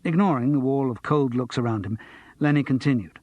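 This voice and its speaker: A man narrating an audiobook in a measured, wry way. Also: medium pitch, a little mellow. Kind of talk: scripted narration.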